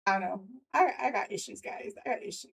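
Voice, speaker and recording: A woman's voice: mid-range voice, fast, creaky, slightly rough, rough recording. A woman hosting a live news stream, talking loosely with many fillers and frequent laughter. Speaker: livestream host. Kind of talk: casual live commentary.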